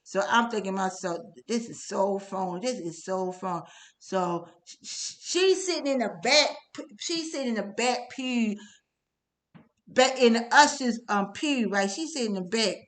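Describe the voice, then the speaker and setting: A woman's voice: mid-range voice, expressive, moderate pace. A middle-aged woman telling a personal testimony story in a casual, rambling way, full of stammers, filler sounds, swearing and tag questions. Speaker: testimony speaker.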